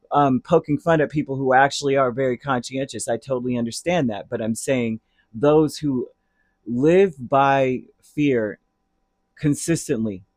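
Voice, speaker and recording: A man's voice: medium pitch, no room sound. A man giving a casual tarot reading, talking in a rambling, chatty way that drifts into heated asides. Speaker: tarot reader.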